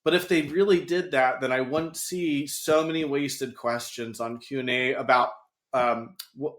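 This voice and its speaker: A man's voice: mid-range voice, fairly even intonation, measured pace, fairly bright tone, roomy sound. A man guesting on a podcast, chatting casually and telling anecdotes. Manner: chatty, storytelling, laughs often.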